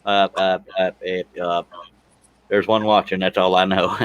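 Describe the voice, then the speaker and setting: A man's voice: low-pitched, flat delivery, a little slow, clean tone, muffled recording. A man hosting a casual livestream panel chat, reading viewer comments and joking about himself with frequent laughter. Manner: joking, laughs often, self-deprecating.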